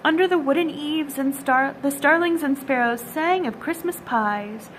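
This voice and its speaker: A woman reading a classic children's story aloud at a storytime, gentle and expressive. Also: sits high, unhurried, a little hiss or hum, low-quality recording. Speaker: storytime reader.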